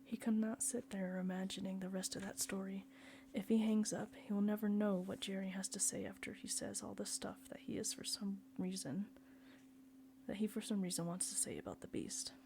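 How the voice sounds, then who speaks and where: A woman reading a novel aloud in a soft, often near-whispered way. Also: mid-range voice, fairly even intonation, normal speed, slight background noise. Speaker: reader.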